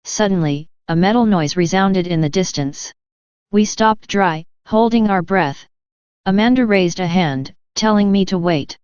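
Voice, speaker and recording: A woman narrating a first-person story in an even, measured reading style. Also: medium pitch, clean tone, no echo. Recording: dull lo-fi sound.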